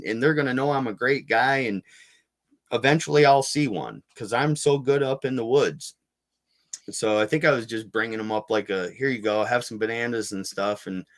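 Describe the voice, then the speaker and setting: A man's voice: mid-range voice, fairly bright tone. A man telling a story as a guest in a casual interview, rambling with frequent restarts and fillers. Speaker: guest, Bigfoot field researcher.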